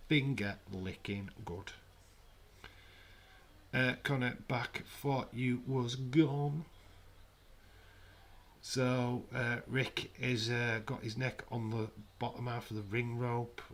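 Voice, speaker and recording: A man giving jokey, casual commentary on a live watch-along stream from his flat. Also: mid-range voice, slow, pauses often. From United Kingdom. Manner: jokey, banters with chat. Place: home, in a flat.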